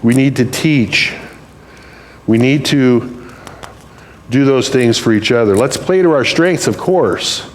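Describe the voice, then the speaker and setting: This sermon comes from an older preacher with a mid-range voice who speaks slowly and leaves long pauses. He shares stories in a plain, conversational style, and the recording carries a slight hiss or hum.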